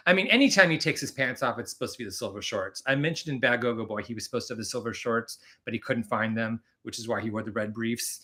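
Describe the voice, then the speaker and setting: A man hosting a casual live stream with a bright, forward tone at a middle pitch. He rambles and chats freely, laughing often as he goes. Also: fast talker, hardly any pauses.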